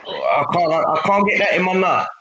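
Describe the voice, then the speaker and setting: A man's voice: a little high, sing-song, fairly quick, pushed and bright, lo-fi sound, a little hiss or hum. A man hosting a casual group chat, laughing a lot and calling people mate.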